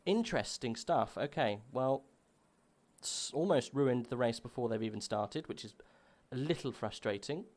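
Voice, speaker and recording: A man's voice: medium pitch, moderate pace. Male lead caller for online sim racing, easygoing banter, fires up once the race starts. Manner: chatty and relaxed before the start, louder and excited calling the race. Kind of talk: live esports race commentary.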